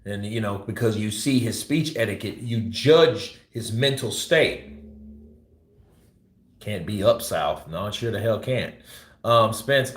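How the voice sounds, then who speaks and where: A man's voice: on the low side, expressive, slow, echoey room. A man hosting live boxing commentary, blunt and profane, ranting and teasing as he talks. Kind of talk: livestream commentary.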